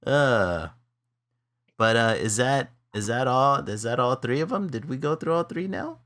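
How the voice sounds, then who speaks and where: A man's voice: mid-range voice, expressive, a bit bright. A man co-hosting a live drawing stream, chatting casually and laughing often. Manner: laughs often, drawn-out exasperated remarks. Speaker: co-host of an art stream. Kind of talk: casual chat while drawing.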